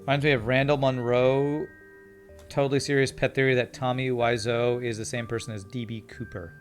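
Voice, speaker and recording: A man's voice: mid-range voice, little pitch movement, moderate pace, soft background music. A man from Canada streaming a video game, reading chat and playing up an overly polite, apologetic manner. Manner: mock-polite, cheery and apologetic.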